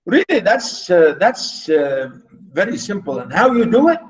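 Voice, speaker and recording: A man's voice: sits high, big pitch swings, unhurried, poor audio. A man lecturing students over a video call, explaining poetic meter in a rambling way with many fillers and repeats. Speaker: university literature lecturer.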